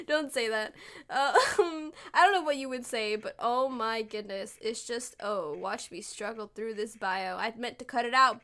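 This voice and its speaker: Bright, rambling young woman narrating. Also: fairly high pitch. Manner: rambling and self-deprecating, laughs often. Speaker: gaming video creator. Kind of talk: rambling voice-over commentary.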